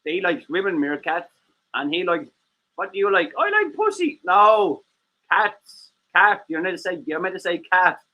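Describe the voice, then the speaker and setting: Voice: medium pitch, unhurried, lo-fi sound. A livestream host chatting casually, rambling and joking at their own expense. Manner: rambling, jokey, self-mocking.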